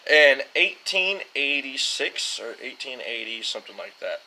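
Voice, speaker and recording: A man's voice: medium pitch, animated, slow, sharp tone, a little hiss or hum, low-quality recording. A young man casually rambling as host of a whiskey-tasting talk, fumbling names and joking at himself. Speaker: show host.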